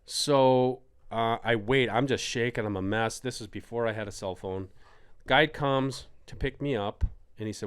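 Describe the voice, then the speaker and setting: A middle-aged man telling a hunting story on a podcast in casual chat, acting out quotes with sudden jumps in pitch. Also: normal speed, clear, resonant tone. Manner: animated, acts out quotes with big pitch jumps.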